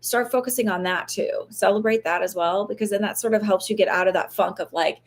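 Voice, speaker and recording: A woman's voice: medium pitch, brisk, few pauses. Chatty, rambling woman psychic medium. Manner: rambling, chatty, swears and laughs often; acts out voices in quotes. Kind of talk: casual live-stream advice talk.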